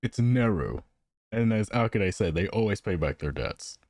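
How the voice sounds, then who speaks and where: A young man giving playful gameplay commentary, reacting out loud and giggling as he plays. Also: on the low side, lively intonation, normal speed, no echo. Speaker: gaming channel host.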